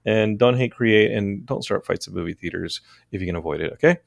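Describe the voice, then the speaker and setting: A man hosting a podcast, telling stories in casual chat, animated and often laughing. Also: on the low side, a little fast, creaky, no room sound. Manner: animated, laughing, swearing storyteller. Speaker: podcast host.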